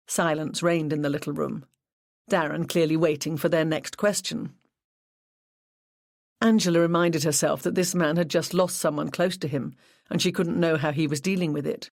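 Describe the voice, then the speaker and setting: An audiobook narrator reading a cozy mystery in an even, measured storytelling manner. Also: medium pitch, vocal fry, no echo, studio quality. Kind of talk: scripted narration.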